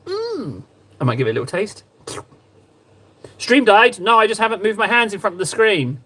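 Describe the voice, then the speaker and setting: This man's high-pitched voice is sing-song, pushed, and bright, moving at normal speed with long pauses. He chats playfully and rambles to his viewers in a casual live stream while painting miniatures.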